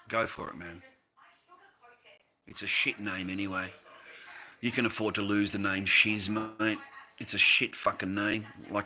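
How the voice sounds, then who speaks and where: Man, Australian accent, livestreamer, very low voice, sharp tense edge, constant swearing, combative chat. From United States. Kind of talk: casual livestream chat answering viewers.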